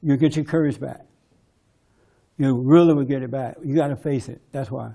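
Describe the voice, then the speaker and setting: A man giving a forceful, preachy testimony talk at a men's conference. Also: mid-range voice, normal speed, vocal fry. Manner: preachy, forceful, mimics others in quoted bits.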